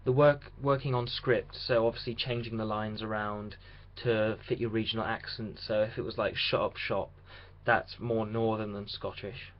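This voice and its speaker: A man's voice: lowish voice, level tone, moderate pace, few pauses. A young man talking through a casual video diary about his radio drama rehearsals, chatty and rambling with restarts. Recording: dull lo-fi sound with faint hiss.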